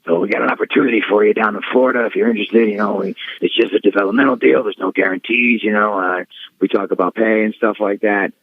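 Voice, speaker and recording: A man impersonating a smooth-talking older male executive who hesitates and drawls out excuses. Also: on the low side, fairly even intonation, fast talker, dry recording. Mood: offhand. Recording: dull dry studio sound.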